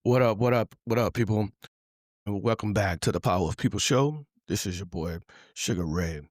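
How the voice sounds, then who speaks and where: Slangy low-voiced man hosting. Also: normal speed, no echo, clean studio sound. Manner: loose, slangy and rambling, with many fillers. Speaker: podcast host. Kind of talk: casual interview chat.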